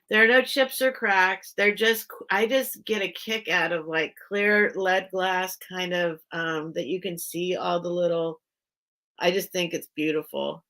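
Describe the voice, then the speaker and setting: A woman's voice: mid-range voice, bright, forceful tone. A middle-aged woman hosting a live online sale, chatting in a rambling way and greeting viewers by name. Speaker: host of a live vintage sale. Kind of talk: rambling live-stream chat.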